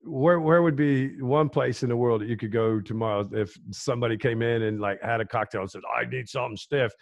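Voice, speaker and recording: A man's voice: mid-range voice, fairly even intonation, fairly quick, no echo, highs cut off. A man hosting an interview show, joking with his guest and asking long, rambling questions. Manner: jokey, rambling questions, laughs along. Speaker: podcast host. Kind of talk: casual interview chat.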